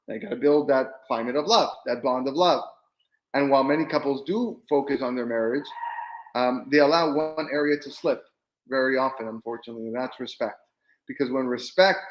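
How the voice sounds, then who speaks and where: A middle-aged man, a rabbi, lectures in a loose, conversational way, repeating himself and tossing in emphatic asides. His voice sits at an ordinary middle pitch and carries a noticeable room echo. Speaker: rabbi teaching a class. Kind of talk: informal lecture on marriage.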